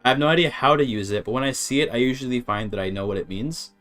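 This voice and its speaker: A man's voice: medium pitch, quick pace, fairly bright tone, faint music behind. Hesitant man thinking aloud on stream. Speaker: streamer learning a language. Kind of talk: casual game-stream commentary.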